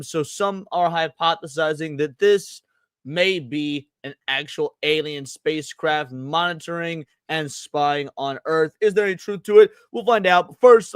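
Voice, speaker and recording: Energetic male stream host with a high voice, chatty and casual, dry close-mic sound. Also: clear, resonant tone, no room sound. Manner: energetic, shouting out chat names. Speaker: podcast host. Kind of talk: casual livestream podcast chat.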